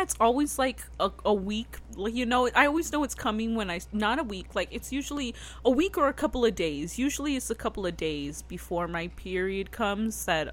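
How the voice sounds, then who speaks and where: A woman's voice: medium pitch, fairly bright tone. A young woman in casual chat, talking in a rambling way with many fillers and restarts.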